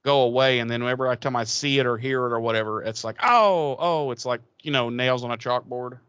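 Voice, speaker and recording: A man co-hosting a casual podcast, talking in an animated, rambling way with many restarts. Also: medium pitch, quick pace, clear, resonant tone, dry recording, muffled recording. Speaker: podcast co-host. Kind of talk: casual chat.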